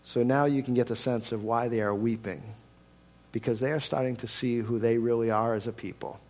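A male pastor preaching a sermon, swinging between loud emphasis and quiet hushed lines, and putting rhetorical questions to the congregation. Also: mid-range voice, fairly even intonation, a little fast.

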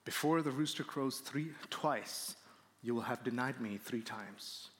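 A man voicing a grave, soft-spoken Jesus. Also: medium pitch, measured pace, in a large hall, slight background noise, pitched below the performer's own voice, close to an everyday voice. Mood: solemn. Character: Jesus, calm grave teacher warning a friend.

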